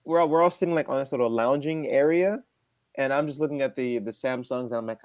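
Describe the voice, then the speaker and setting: A man's voice: fairly high pitch, quick pace, no echo, studio quality. A young man co-hosting a podcast, telling a family story in casual chat and acting out what everyone said, with lots of restarts. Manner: animated, acts out family quotes, frequent restarts. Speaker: podcast co-host.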